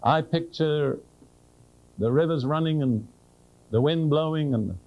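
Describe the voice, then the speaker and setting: Earnest preacher with a mellow voice. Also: male voice, fairly high pitch, poor audio. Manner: earnest, asks listeners direct questions; slows down to read scripture with emphasis. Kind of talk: sermon.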